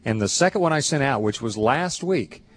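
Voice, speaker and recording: A man hosting a live horse show, interviewing his guest in a thoughtful, halting way with frequent restarts. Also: medium pitch, animated. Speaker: show host.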